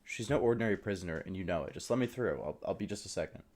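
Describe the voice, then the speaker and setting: Eager young male prison guard read by a man, earnest, fumbling, excitable. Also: low-pitched, racing.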